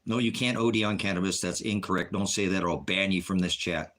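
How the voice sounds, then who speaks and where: A man from Oregon, USA, hosts a livestream and rants casually to his chat in an emphatic, repetitive, argumentative way. His voice is deep and a bit bright, and he talks fast.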